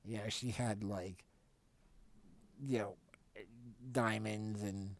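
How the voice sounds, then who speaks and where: A man's voice: fairly low pitch, steady tone, extremely slow, creaky. A man vlogging, telling a casual anecdote in a rambling way with lots of fillers and restarts. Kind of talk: casual storytelling.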